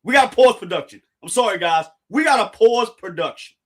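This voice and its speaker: An excitable man hosts a live reaction stream, talking in slangy bursts and repeating his lines. His voice is bright and sharp, and his pitch swings widely. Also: a little fast. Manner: reads dialogue aloud in a dramatic low voice.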